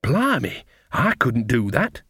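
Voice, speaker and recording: A man voicing a cheerful, earthy old witch who chats brightly in plain common speech. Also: mid-range voice, huge pitch swings, slow, husky, dry recording, clean studio sound, heavily acted. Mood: cheery.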